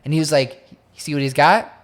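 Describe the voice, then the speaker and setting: A young man co-hosting a casual podcast, telling a story with lively energy and acting out his friends' voices. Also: a little high, brisk. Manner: animated storyteller who acts out friends' voices. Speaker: podcast co-host. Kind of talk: casual chat.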